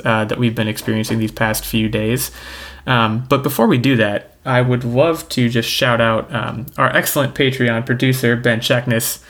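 A man's voice: medium pitch, fairly bright tone. A man hosting a podcast, chatting casually in an easygoing, jokey way with lots of hesitation sounds. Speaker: podcast host.

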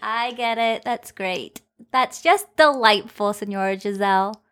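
A woman hosting a children's alphabet lesson, speaking in a slow, sing-song teaching voice and stretching out letter sounds. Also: mid-range voice, a bit bright, smooth. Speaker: children's podcast host and teacher.

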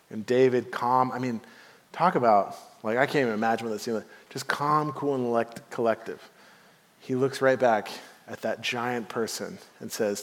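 A man preaching a sermon as pastor, telling a story and swinging between hushed and emphatic delivery. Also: medium pitch, moderate pace. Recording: long hall reverb.

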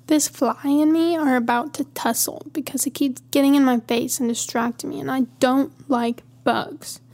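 Chatty woman with a bright, high voice. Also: fairly even intonation, moderate pace, vocal fry. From Montana, USA. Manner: chatty, rambling, easily amused. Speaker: podcast host. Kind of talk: casual monologue.

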